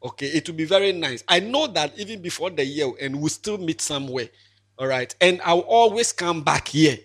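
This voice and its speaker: A man's voice: fairly high pitch, animated, normal speed, a bit bright, slightly rough. Ghanaian pastor in his twenties, preaching. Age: 20s. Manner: emotional, joking, repetitive, pulpit preaching. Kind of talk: farewell sermon to a congregation.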